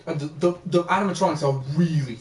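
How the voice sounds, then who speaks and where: A man's voice: fairly high pitch, fast talker, a little mellow. Chatty gamer guy, roomy far-off mic, faint hiss. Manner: chatty, enthusiastic explainer. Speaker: let's play co-host. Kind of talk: casual gaming chat.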